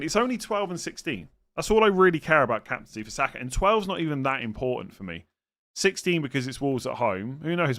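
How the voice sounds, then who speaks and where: A man's voice: medium pitch, a bit bright. A man chatting casually on a live stream, thinking aloud and answering viewers' questions, often hesitant and now and then exasperated. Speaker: fantasy football streamer answering chat.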